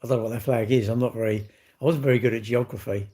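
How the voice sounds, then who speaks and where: A man's voice: medium pitch, steady tone, quick pace, dark tone, husky. A man in his sixties, chatting casually on a live stream with viewers, cheeky and bantering with the odd swear word. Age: 60s. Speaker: livestream host.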